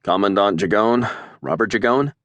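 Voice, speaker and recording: A man's voice: lowish voice, moderate pace, a bit bright, no room sound, pitched above the performer's own voice, lightly acted. A man voicing a seasoned male starship captain who speaks with dry, wry understatement.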